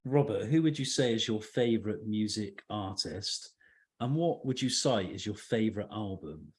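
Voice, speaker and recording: A man's voice: fairly low pitch, expressive, normal speed, husky. A man hosting an interview podcast, asking questions politely and enthusiastically. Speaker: podcast host.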